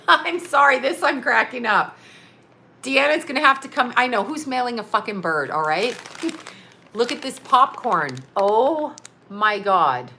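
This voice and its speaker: A woman's voice: on the high side, unhurried, slight background noise. A middle-aged woman vlogging at home, unboxing a care package with lots of laughing and exclamations. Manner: excitable, laughs often, exclaims "oh my God".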